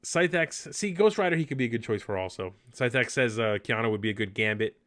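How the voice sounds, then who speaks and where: A man's voice: medium pitch, lively intonation, fast, a bit bright. A man hosting a casual live podcast, chatty and enthusiastic, rambling with fillers. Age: adult. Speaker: podcast host.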